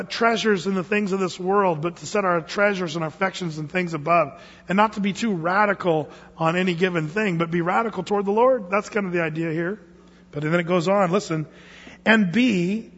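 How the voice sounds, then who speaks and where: A man's voice: sits high, fairly bright tone. A man preaching a sermon to a congregation in a conversational, joking way, asking them questions. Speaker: pastor. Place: church sanctuary. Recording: echoey hall, dull lo-fi sound.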